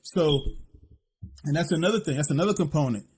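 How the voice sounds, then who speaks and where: A podcast co-host from Philadelphia talks bluntly and profanely in a thick Philly accent, constantly asking "you know what I'm saying." His voice is a little high, husky and darkish, and fairly quick.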